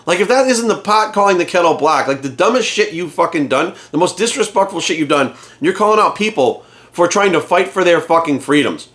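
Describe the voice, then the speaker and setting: A man's voice: high voice, animated, fairly quick, fairly bright tone. A man, a fitness coach hosting his channel, delivers a heated, profane rant full of rhetorical questions. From United States. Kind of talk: angry rant to camera.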